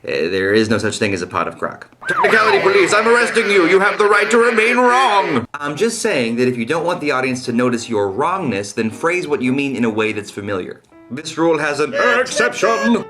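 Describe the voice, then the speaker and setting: A man's voice: medium pitch, a bit bright. A man giving a comedic video lesson on lyric writing, explaining rules with wry jokes in between. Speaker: online lyric-writing teacher.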